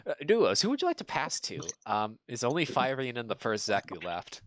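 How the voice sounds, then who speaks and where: A man running a tabletop game as game master, narrating in a halting way full of "you know" fillers. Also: medium pitch, huge pitch swings, fairly bright tone.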